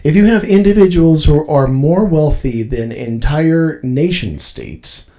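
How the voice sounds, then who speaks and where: A man's voice: fairly high pitch, very animated, a little slow, dark tone. A man co-hosting a podcast, opinionated and rambling in casual discussion. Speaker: podcast co-host.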